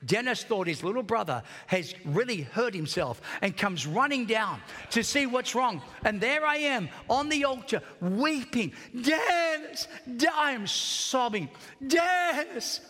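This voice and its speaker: A male pastor preaching a sermon with fervent storytelling, swinging from near-whispers to shouts. His voice sits high and bright. The sound rings with the long reverb of a large church hall. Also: expressive, measured pace, hardly any pauses. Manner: passionate storytelling, swings between shouting and hushed.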